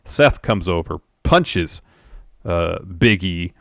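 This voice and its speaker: A man's voice: low voice, slow, creaky, dry recording, clean studio sound. A man co-hosting a podcast, methodically retelling a wrestling show's events step by step. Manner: steady, methodical retelling with fillers. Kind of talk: play-by-play recap.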